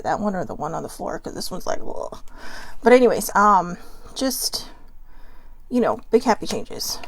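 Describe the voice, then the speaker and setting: A woman's voice: medium pitch, no echo. A woman hosting a casual oracle card reading show, chatty and rambling, swearing casually as she talks. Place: at home by a desk lamp.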